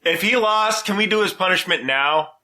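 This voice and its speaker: A man's voice: high-pitched, expressive, moderate pace, bright, forceful tone, echoey room. A man co-hosting a casual podcast, teasing the others with crude jokes.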